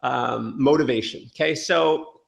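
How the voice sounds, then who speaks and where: A man giving an energetic sales training talk, telling stories and acting out quotes. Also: mid-range voice, measured pace, creaky, roomy sound. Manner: energetic storytelling with acted quotes. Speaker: motivational speaker.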